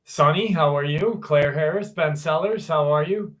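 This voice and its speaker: A man's voice: a little high, normal speed, hardly any pauses. A man hosting a live stream, chatting casually and greeting viewers one by one in a laid-back way.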